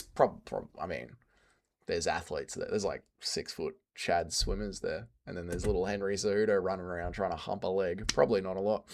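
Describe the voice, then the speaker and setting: A man's voice: deep voice, steady tone, normal speed, vocal fry, darkish tone. A man hosting a livestream, reading out chat and answering in a crude, joking, rambling way. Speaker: streamer host reading chat.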